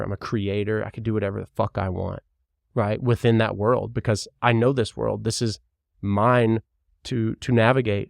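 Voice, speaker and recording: A young man with a mild Kentucky accent talks through a solo podcast, loose and rambling, dropping the odd swear word. His voice sits low. The sound is dry and close, with almost no room around it. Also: creaky, no room sound. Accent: mild Kentucky Southern. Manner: rambling, frank, swears casually. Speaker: podcast host. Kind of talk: casual solo podcast talk.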